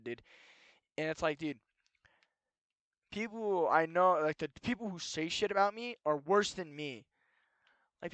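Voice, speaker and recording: A young man talks alone into the mic in a loose, profane ramble. His voice sits on the high side and the sound is close and dry. He drops to a mutter, then rises into heated, sweary bursts. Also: fairly bright tone, clean tone, no echo. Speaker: solo podcast host. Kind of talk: rambling late-night monologue.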